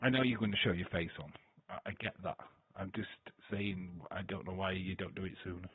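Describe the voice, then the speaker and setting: A lowish, husky male voice talks casually and loosely on a live stream, swearing freely and answering viewer comments. The sound is thin and phone-like, with a dry, close feel and no room around it. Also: steady tone, a little fast, no echo. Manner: loose, swearing, laughing, chatty. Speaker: live-stream host reacting to wrestling.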